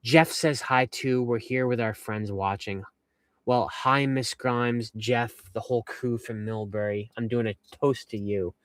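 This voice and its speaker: Young guy from western mass reading chat comments on a livestream, upbeat and rambly, mid-pitched voice, dry sound. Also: steady tone, measured pace, a bit bright, no echo. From Western Massachusetts. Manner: chatty, rambling, upbeat, with frequent fillers. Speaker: vanlife livestream host. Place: inside a camper van.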